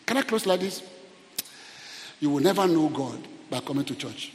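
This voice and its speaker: Fervent pastor preaching in a hall. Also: male voice, a little high, lively intonation, normal speed. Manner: fervent, call-and-response preaching with sudden shouted peaks. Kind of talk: sermon. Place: large church auditorium.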